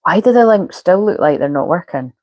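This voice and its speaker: A woman's voice: lowish voice, animated, a little fast, darkish tone, no echo, rough recording. A woman, a spiritual coach chatting casually on a live stream and muttering to herself while she fiddles with settings.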